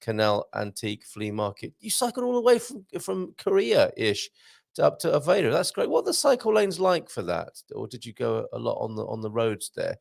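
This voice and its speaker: A man hosts a live chat and talks casually. His pitch sits in the middle, but it swings widely as he reacts to each comment. His voice has a gravelly edge, and the sound is dry and close. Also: big pitch swings, moderate pace, dry recording. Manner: chatty, jokey, reads messages aloud with asides. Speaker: livestream host reading viewer comments.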